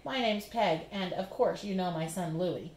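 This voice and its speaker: A woman's voice: on the low side, darkish tone, a little hiss or hum, close to an everyday voice. A woman voicing a protective mother who speaks up firmly for her son, recorded in a roomy space. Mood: kind. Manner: quick, indignant defense of her son.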